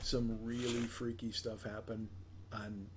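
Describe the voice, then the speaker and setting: A man in casual conversation telling stories with lively acted-out quotes, swearing freely. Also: fairly low pitch, measured pace, background noise. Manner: animated storyteller, acts out quotes, swears freely. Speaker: guest. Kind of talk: casual storytelling chat.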